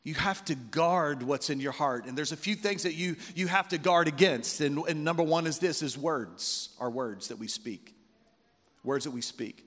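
A man's voice: fairly high pitch, normal speed, fairly bright tone. Folksy preaching man in a reverberant hall. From West Virginia roots, United States. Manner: folksy storytelling with call-outs to the congregation. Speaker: pastor. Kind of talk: sermon. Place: church hall. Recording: long reverb of a large hall.

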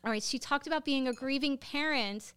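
A woman's voice: sits high, a little fast, fairly bright tone. A woman co-hosting a podcast, telling a story in casual chat, emotional and rambling with lots of fillers. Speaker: podcast co-host.

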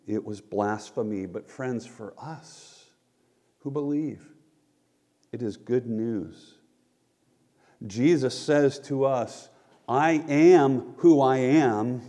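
Male pastor, sermon delivery, unhurried and earnest; long hall reverb. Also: mid-range voice, warm tone. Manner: earnest, measured preaching with quoted asides. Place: church sanctuary.

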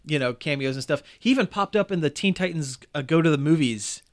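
A man hosting a casual podcast chat, telling stories with lively enthusiasm and plenty of fillers. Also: on the high side, fast talker.

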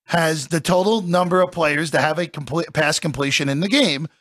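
A man's voice: on the high side, moderate pace, a bit bright. A man co-hosting a sports betting talk show, chatting casually and often stumbling over his words in the studio. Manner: stammering, repeats words. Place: radio studio.

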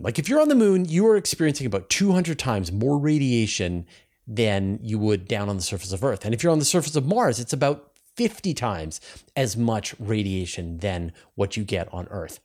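A man's voice: mid-range voice, a little mellow. A Canadian man with a Canadian accent hosting space news, explaining things eagerly and talking straight to his viewers. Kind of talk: casual news commentary.

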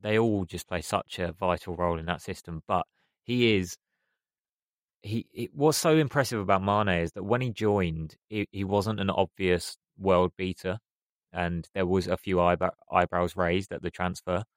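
Deep-voiced enthusiastic football pundit. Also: male voice, moderate pace, no echo. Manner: enthusiastic, piling up clauses. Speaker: podcast pundit. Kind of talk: casual football discussion.

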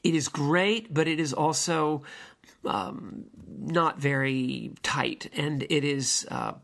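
A man's voice: fairly high pitch, slow, gravelly, fairly bright tone. A man hosting his own podcast, musing on old films in a rambling monologue full of ums and restarts. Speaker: podcast host. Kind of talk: film commentary monologue.

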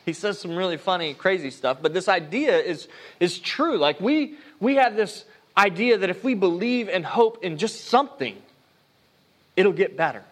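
Male pastor, higher voice, earnest conversational sermon with restarts. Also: expressive, moderate pace. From United States.

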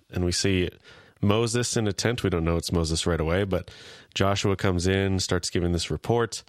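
A man's voice: deep voice, no room sound, clean studio sound. A man co-hosting a podcast, congested from allergies, talking in an easygoing casual way and laughing often. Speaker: podcast co-host. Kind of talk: casual podcast review chat. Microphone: remote call microphone.

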